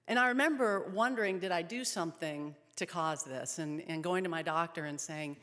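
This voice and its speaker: A woman in her thirties giving an earnest personal testimony as a speaker at a pregnancy center event. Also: mid-range voice. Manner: earnest storytelling, softening in sad moments. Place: event hall. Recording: long reverb of a hall.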